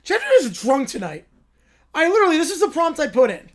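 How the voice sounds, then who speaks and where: High-voiced man hosting a livestream. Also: sing-song, fast talker. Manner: sarcastic, amused, reading prompts aloud. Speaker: livestream host. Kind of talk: casual livestream reaction chat.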